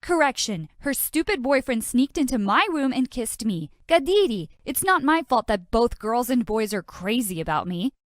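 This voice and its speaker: A woman's voice: on the high side, very animated, moderate pace, hardly any pauses, no echo, clean studio sound. A woman doing a smug bratty teen brother. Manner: smug, taunting. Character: bratty cocky teenage twin brother.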